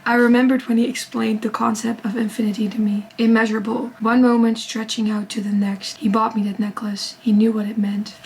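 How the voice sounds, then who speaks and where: A young woman vlogger reading a novel aloud in steady first-person narration, breaking off into excited reactions. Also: on the high side, a little fast, hardly any pauses, slight background noise, low-quality recording. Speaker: book vlogger.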